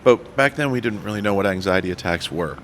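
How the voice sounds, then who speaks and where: A low-voiced man, appearing as a podcast guest in a storytelling interview, recounts his story fast and with animated energy. He's self-deprecating, mocking himself and acting out what people told him, while a faint hiss runs beneath the recording.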